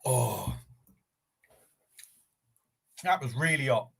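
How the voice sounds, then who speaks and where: A man's voice: medium pitch, expressive, drawn-out words, vocal fry, breathy edge. An older man, chatting casually on a live eating stream, breathless and rambling with his mouth burning from chilli, sweating and sniffling. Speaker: livestream host.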